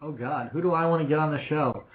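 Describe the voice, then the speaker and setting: A man's voice: fairly high pitch, quick pace. A man co-hosting a radio show, trading dry, wisecracking quips in casual banter. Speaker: radio co-host. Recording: tinny phone-like lo-fi sound.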